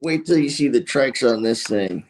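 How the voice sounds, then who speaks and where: A man's voice: medium pitch, lively intonation, normal speed, a little mellow. A man, a guest grower, chatting casually and easygoing about his plants. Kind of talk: casual chat.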